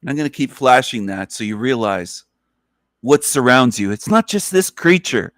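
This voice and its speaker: A man's voice: medium pitch, very animated, moderate pace, fairly bright tone, no echo, studio quality. A man hosting a ranting commentary, scornful and insulting, repeating his phrases over and over. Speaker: channel host reacting to a clip.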